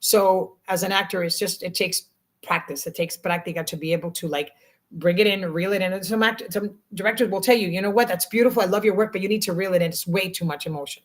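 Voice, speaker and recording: A middle-aged woman actress telling stories in a casual interview, emotional and animated, with many restarts. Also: mid-range voice, fast. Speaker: actress guest.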